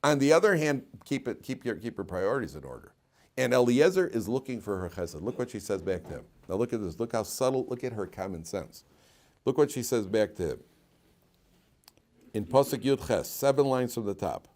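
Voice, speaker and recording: A man, a rabbi teaching a lively class and telling stories, laughing often and repeating himself. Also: mid-range voice, fairly quick.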